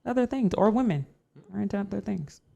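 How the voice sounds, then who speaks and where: Skeptical podcast co-host, lively voice. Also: mid-range voice, fairly quick, vocal fry, highs cut off. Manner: skeptical questions. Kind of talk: casual group chat.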